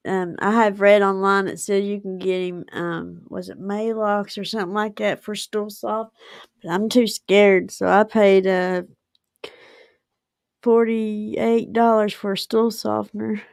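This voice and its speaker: Chatty woman, gravelly voice. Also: medium pitch, darkish tone, no room sound, clean studio sound. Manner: chatty, rambling, with Southern dialect words. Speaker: livestream host. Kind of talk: casual chat to viewers.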